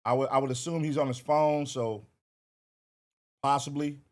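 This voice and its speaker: A man hosting a casual livestream, talking loose and slangy and half-singing shout-outs to viewers. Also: mid-range voice, steady tone, normal speed. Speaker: livestream reaction host. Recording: hip hop music playing behind.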